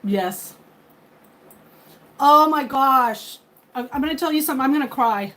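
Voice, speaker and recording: A woman's voice: high voice, a little slow, bright, forceful tone, low-quality recording. A woman in her forties chatting casually with her live viewers, rambling and openly emotional. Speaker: livestream host.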